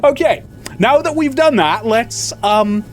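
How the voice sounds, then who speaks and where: Excitable man playing a game. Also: very high-pitched, slow, soft background music. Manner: excitable, laughing, chatty asides. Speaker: gaming channel host. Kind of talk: casual gameplay commentary.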